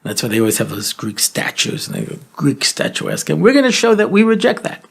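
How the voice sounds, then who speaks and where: Joking older man with a gravelly voice. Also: a little high, quick pace. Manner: joking, deadpan punchlines, playful storytelling. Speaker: talk show host. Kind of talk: comedic talk show monologue.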